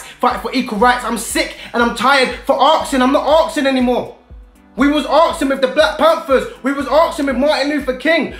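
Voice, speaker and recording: A man's voice: very high voice, a bit bright. A man delivering a heated, emphatic monologue to camera, full of repetition and street slang. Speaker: video blogger. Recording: roomy echo with faint music.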